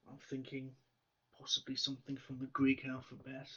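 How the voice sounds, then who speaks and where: A man solving a crossword aloud, musing slowly with half-whispered asides. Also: mid-range voice, completely flat delivery, fairly bright tone, slightly rough, distant mic. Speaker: crossword solver. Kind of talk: thinking aloud while solving. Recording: slightly dull lo-fi sound.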